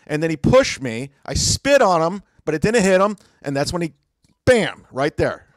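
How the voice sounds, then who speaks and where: Brief: young male comedian, slightly high voice, defensive, rambling anecdote, dry close podcast sound. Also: sing-song, moderate pace, no room sound. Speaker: comedian guest. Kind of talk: casual podcast storytelling.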